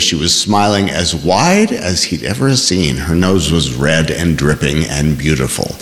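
A man reading a novel aloud in measured, expressive scripted narration, also speaking the shy bookseller's lines. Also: mid-range voice, long reverb tail. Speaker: audiobook narrator.

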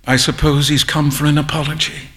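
A man doing an earnest young gentleman. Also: a little high, little pitch movement, brisk, lightly acted. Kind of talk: audiobook narration.

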